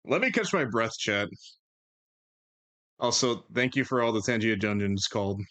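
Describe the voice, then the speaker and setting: A man's voice: on the low side, lively intonation, moderate pace, fairly bright tone, no room sound. A man hosting a live stream, chatting casually and playfully bantering with his chat and thanking viewers. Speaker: streamer host.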